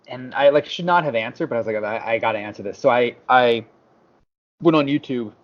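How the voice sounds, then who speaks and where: A man co-hosting a podcast, telling a story in casual chat and acting out what others said. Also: mid-range voice. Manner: animated storyteller, acts out quotes. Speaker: podcast co-host. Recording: slightly dull lo-fi audio.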